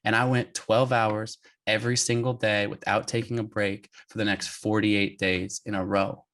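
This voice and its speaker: A man in his thirties, a guest telling an adventure story in an interview, animated and laughing as he goes. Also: fairly low pitch, normal speed. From United States.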